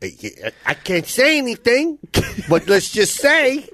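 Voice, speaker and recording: A man's voice: very high-pitched, wildly swooping pitch, slow, crowd noise, pitched above the performer's own voice, heavily acted. A man playing a tough-talking bayou man who makes veiled threats, in a mock gangster drawl. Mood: menacing.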